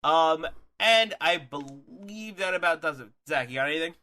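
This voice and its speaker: A man's voice: fairly high pitch, animated, normal speed, pushed and bright. A man co-hosting a wrestling podcast, chatting loosely and upbeat, stumbling over his words now and then. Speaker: podcast co-host. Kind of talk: casual chat.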